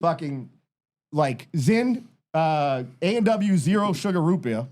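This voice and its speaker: A man's voice: fairly high pitch, big pitch swings, takes it slowly, a little mellow. A man in his thirties co-hosting a podcast, ranting in a tired, exasperated way and swearing constantly. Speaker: podcast co-host. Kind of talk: casual chat.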